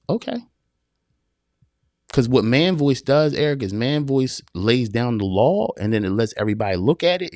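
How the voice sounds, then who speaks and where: A man's voice: mid-range voice, darkish tone, dry recording, studio quality. A man hosting a live-streamed talk for men. He is emphatic and repetitive, calls listeners brother, and answers viewer questions as they come in. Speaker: podcast host.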